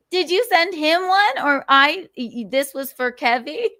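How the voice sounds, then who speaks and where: A woman's voice: sits high, bright, forceful tone, no room sound, clean studio sound. A woman hosting a casual livestream, talking animatedly with frequent laughs and restarts. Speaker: livestream host.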